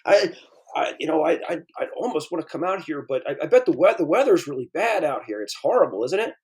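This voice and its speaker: A man putting on a gushing, excitable Californian tourist. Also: a little high, fast talker, husky, voice pushed up. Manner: effusive, stammering.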